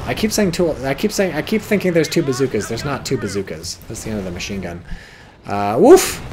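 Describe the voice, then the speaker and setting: An American man casting a strategy game replay in loose, casual play-by-play. His pitch swings widely as he gets excitable, swearing and yelping at the big plays, with a faint hiss of noise behind him.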